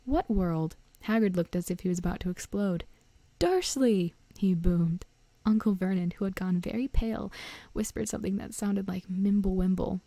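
Woman narrating an audiobook, mellow tone. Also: medium pitch, fairly quick, gravelly, no echo. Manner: steady storytelling.

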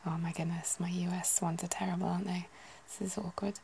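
A woman musing softly in a whispered ASMR chat, gently poking fun at herself. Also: fairly low pitch, little pitch movement, brisk, slight background noise, rough recording. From United Kingdom. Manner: soft, self-deprecating, musing aloud. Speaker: ASMR video host.

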